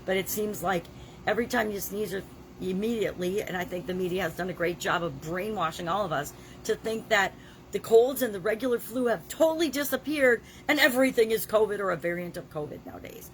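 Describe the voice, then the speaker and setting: A woman's voice: mid-range voice, a little fast. A woman in her sixties, talking casually in a daily video diary while she has a cold and a scratchy throat, chatty and emphatic with the odd cough. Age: 60s. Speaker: vlogger.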